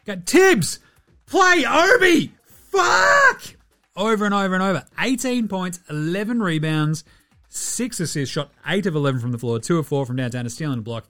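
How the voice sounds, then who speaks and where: A man's voice: a little high, lively intonation, fast talker. An Australian man hosting a basketball podcast, talking in a brash, slangy way, swearing freely and laughing often. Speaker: podcast host. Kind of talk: casual sports commentary.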